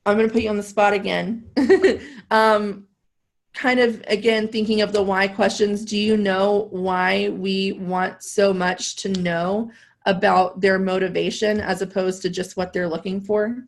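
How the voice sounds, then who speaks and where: Woman, sales coach, webinar call, gravelly edge, upbeat, laughs often, acts out client and agent. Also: mid-range voice, level tone, a little slow. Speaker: sales trainer. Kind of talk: coaching a role-play webinar.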